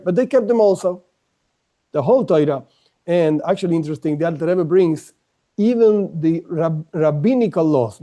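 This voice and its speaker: A man gives a class in a high, soft, mellow voice. He explains patiently, circling back and rephrasing as he builds his point. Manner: explains step by step with frequent restarts and rephrasings. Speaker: teacher. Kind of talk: online class lecture.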